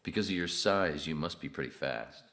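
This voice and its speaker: A man's voice: extremely low pitch, expressive, normal speed, a bit bright. A man chatting casually on a podcast, laid-back and rambling, with casual swearing.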